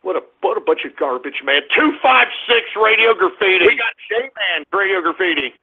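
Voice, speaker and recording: A man hosts a call-in radio comedy show in a squeaky, cartoonish voice with a husky edge. He rants, shouts and insults his callers. The sound is thin and tinny, as if over a phone line. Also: animated, moderate pace. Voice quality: cartoonishly high and strained.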